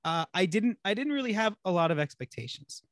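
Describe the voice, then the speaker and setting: A man's voice: high-pitched, sing-song, fairly quick, a bit bright, no echo, clean studio sound. A young man hosting a casual podcast chat, giggling often through his own jokes. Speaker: podcast host.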